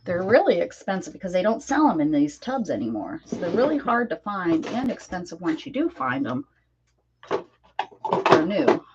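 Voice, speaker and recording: A woman's voice: medium pitch, big pitch swings, normal speed, creaky. A woman, casually chatting and rambling as she crafts, often correcting herself mid-sentence. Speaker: crafting channel host. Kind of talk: casual chat while crafting. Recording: dull lo-fi audio, faint noise.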